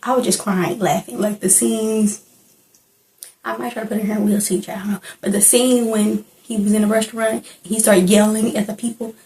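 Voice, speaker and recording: A woman's voice: medium pitch, flat delivery, normal speed, mellow, rough recording. A young woman chatting casually in a reaction vlog, rambling and laughing as she reviews a film. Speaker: movie reviewer.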